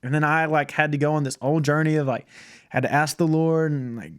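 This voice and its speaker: A man in his twenties, a podcast guest, chatting casually and telling animated stories with frequent laughs. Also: on the high side, fairly quick, clean tone. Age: 20s. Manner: animated storytelling, laughs often. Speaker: podcast guest, church creative director. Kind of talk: casual chat.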